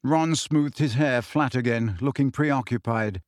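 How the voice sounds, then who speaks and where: A man reads a story aloud in an even, measured way at a medium pitch. The recording is dry and close, with no room echo. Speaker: audiobook narrator. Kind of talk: scripted narration.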